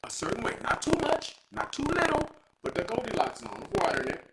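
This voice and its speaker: A man's voice: extremely high pitch, big pitch swings, brisk, creaky. A man from Texas, hosting a live show in a playful, preachy storytelling way. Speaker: host. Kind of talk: lively live show talk. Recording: echoey room with loud noise.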